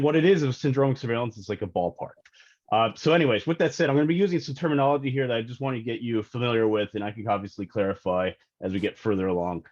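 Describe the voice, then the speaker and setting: A man's voice: medium pitch, highs cut off. A man presenting data at a public health board meeting, explaining terms with many fillers as he hurries through his slides. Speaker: health department data analyst.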